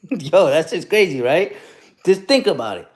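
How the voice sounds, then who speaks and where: A man on a casual live stream, mocking someone in a loose, taunting rant. His voice sits a bit high for a man and swings widely up and down as he jabs and repeats himself. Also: big pitch swings, slow pace. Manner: taunting, repetitive, peppers lines with "you heard?".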